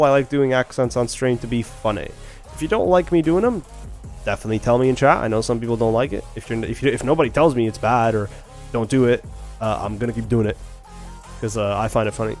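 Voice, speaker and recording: A man's voice: medium pitch, darkish tone. A man streaming a video game live, chatting casually and rambling to his viewers. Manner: rambling, talks straight to chat. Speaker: livestreamer.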